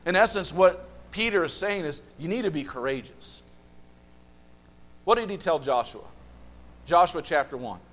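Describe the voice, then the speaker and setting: A man leads a Bible study with a voice pitched a little high. He keeps firing questions at the group and repeats key phrases to drive them home. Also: animated, normal speed, pauses often, a bit bright. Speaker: Bible class teacher.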